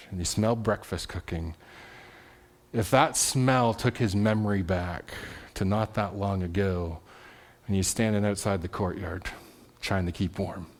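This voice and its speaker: Man preaching in a chatty storytelling way. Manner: conversational storytelling, often asks "right?"; drops soft and low at solemn moments. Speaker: pastor. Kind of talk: sermon.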